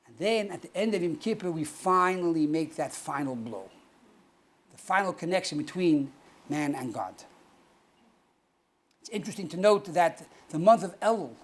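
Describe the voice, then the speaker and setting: A man, a rabbi, giving a teaching talk, asking rhetorical questions and repeating phrases, slowing down to stress key words. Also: high-pitched.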